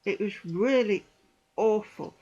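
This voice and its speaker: A middle-aged woman vlogger recounts her church experiences in a personal testimony, sounding indignant and emphatic and repeating phrases to drive them home. Her voice is medium-pitched, slow, dark and husky, captured with a lo-fi sound.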